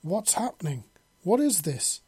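Young human woman, earnest, wondering, played by a male reader, husky, dry. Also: medium pitch, flat delivery, normal speed, dark tone, dry recording, lightly acted. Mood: excited.

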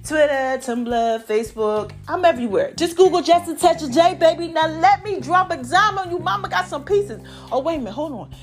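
A woman hosting a casual podcast, animated and drawn out, calling listeners baby and y'all, her voice a bit hoarse from allergies. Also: high voice, brisk, few pauses, soft background music. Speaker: podcast host.

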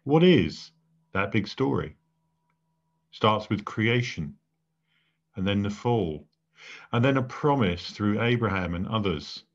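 Slow, measured vicar, lo-fi. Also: male voice, lowish voice, expressive. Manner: measured, deliberate, with pauses between phrases. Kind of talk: sermon. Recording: dull lo-fi recording.

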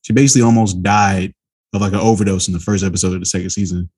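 A young man co-hosting a podcast, talking in a relaxed, blunt, rambling way in casual chat. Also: deep voice, racing, breathy edge. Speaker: podcast co-host.

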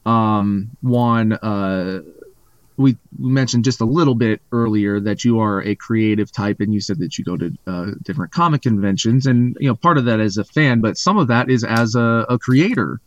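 A man at an ordinary middle pitch hosts a casual chat. He talks haltingly, full of "um" and restarts. The sound is dry and a little dull. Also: no echo. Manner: hesitant, many fillers and restarts. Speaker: podcast host.

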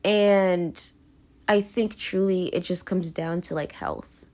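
A young woman hosts her podcast alone, her voice sitting a little low for a woman. She takes her time and drifts slowly from thought to thought, full of likes and ums, sounding self-conscious and unguarded. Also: steady tone, a little mellow. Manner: rambling, filler-heavy, self-conscious. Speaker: podcast host. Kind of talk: casual confessional monologue.

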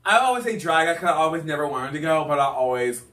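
A man telling a rambling, animated personal story in casual chat, laughing often. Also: fairly high pitch, fast talker. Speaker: guest storyteller. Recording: roomy sound from a distant mic.

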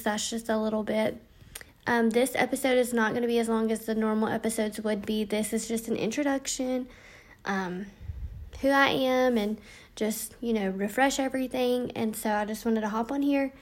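A woman's voice: a little high, darkish tone. A young woman hosting a podcast, chatting casually with lots of ums, tired and yawning late at night. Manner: chatty, frequent ums, reading from notes. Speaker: podcast host. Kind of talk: casual podcast intro monologue.

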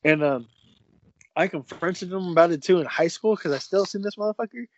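A man's voice: a little high, moderate pace, muffled recording, very noisy. Man telling a story with lots of swearing. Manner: animated storytelling, heavy swearing, acts out quoted dialogue. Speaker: podcast co-host. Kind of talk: casual chat.

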